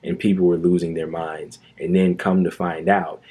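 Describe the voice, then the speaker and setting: A man rants through a commentary monologue in a low, husky, mellow voice. He sounds indignant and sarcastic and leans hard on his points by repeating them. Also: flat delivery, normal speed. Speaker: commentary youtuber.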